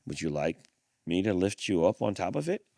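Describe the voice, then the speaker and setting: A man's voice: low voice, sing-song, moderate pace, gravelly, mellow, no room sound, clean studio sound, voice pushed down, full character voice. A man voicing a helpful, easygoing turtle in a storybook reading. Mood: friendly. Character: slow, friendly turtle.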